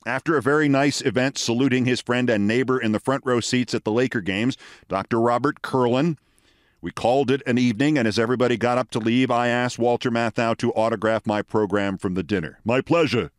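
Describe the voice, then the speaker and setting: A man's voice: mid-range voice, fairly even intonation, a little fast, no echo, clean studio sound. A man in his sixties, originally from the Bronx, hosting and telling a wry, precisely delivered anecdote. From the Bronx, New York. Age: 60s. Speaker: host. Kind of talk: storytelling monologue.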